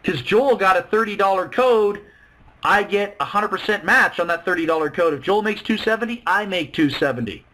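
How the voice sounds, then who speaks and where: Upbeat male webinar presenter, high and bright, hard-selling. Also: brisk, low-quality recording. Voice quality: excitable, salesy, acts out quoted voices. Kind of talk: sales pitch on a webinar.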